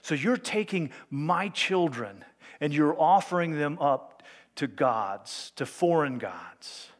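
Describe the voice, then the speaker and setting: A man's voice: fairly high pitch, animated, slow. Earnest man preaching a sermon. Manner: earnest, emphatic, reads scripture aloud. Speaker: pastor.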